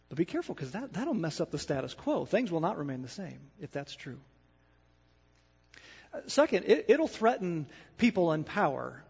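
High-voiced man preaching in a reverberant hall. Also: big pitch swings, normal speed, creaky, slightly rough. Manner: emphatic preaching, swinging between loud declarations and hushed asides. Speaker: pastor. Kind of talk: sermon. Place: church sanctuary. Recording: dull sound with long hall reverb.

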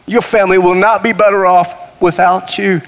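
A middle-aged man preaches in a folksy, conversational way, his fairly high voice rising now and then into bursts of fervor. He speaks in a church sanctuary, and the sound hangs in a long hall reverb. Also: fairly even intonation, normal speed. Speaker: guest preacher. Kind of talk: sermon.

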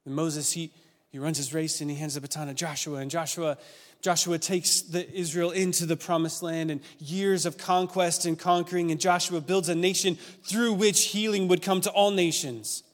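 Fairly high-voiced male preacher in a reverberant hall. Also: moderate pace. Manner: animated storytelling preaching with rising excitement. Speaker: pastor. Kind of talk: sermon. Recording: long reverb of a church hall.

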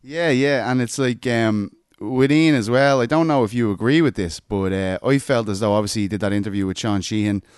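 A man's voice: mid-range voice, a little fast, few pauses, a little mellow, clean tone, dry recording, clean studio sound. A man hosting a podcast, asking rambling, chatty questions. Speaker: podcast host. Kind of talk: casual interview chat.

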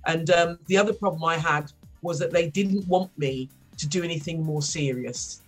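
A middle-aged woman from Wolverhampton with a mild West Midlands accent, chatting as a podcast guest, laughing often and filling pauses with ums. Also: deep voice, slightly rough, faint music behind. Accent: mild West Midlands English. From Wolverhampton, England. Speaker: guest, former rapper. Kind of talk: podcast interview.

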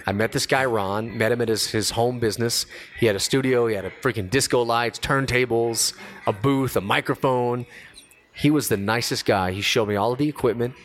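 A man in his forties, a radio host by trade, chats casually on a podcast. He tells a story in a slangy, animated way and throws himself into quoted voices along the way. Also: medium pitch, brisk.

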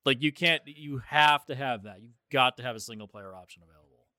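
A man's voice: mid-range voice, brisk, pushed and bright, dry recording, studio quality. A man co-hosting a gaming podcast, laughing often and teasing his co-host. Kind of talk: casual podcast banter.

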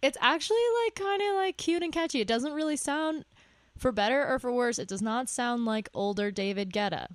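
A woman's voice: a little high, a little fast, no room sound. A woman co-hosting a podcast, chatting casually about music, laughing often and swearing freely. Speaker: podcast co-host.

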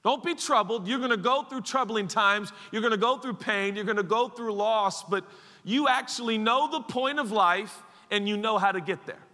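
Lively preacher guy, high bright voice, big church reverb, does little character voices. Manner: animated, acts out the disciples in quick voices. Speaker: pastor. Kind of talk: sermon. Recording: long hall reverb.

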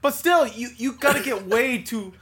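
A co-host on a comedy podcast, spinning jokey scenarios in casual chat. The voice sits at a middle pitch with a plain, easy tone. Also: normal speed, fairly bright tone. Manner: playful, jokey storytelling.

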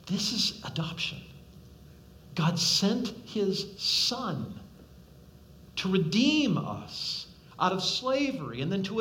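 A man preaching a sermon as a pastor, swinging from loud, pressing appeals to hushed, quiet questions and acting out the voices he quotes. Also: a little high, a little hiss or hum.

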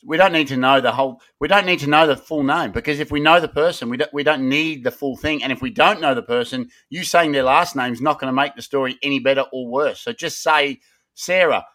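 A man's voice: mid-range voice, brisk, bright, forceful tone. An Australian man hosting a podcast, hyping up a segment in a rambling, playful way. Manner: hyped, rambling build-up talk. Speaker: podcast host. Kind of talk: casual podcast banter.

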